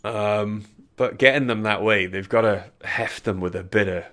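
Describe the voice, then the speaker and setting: A man's voice: lowish voice, fairly bright tone. A man running a tabletop game as game master, narrating combat and giving rulings with frequent fillers. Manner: measured, hesitant with fillers between rulings.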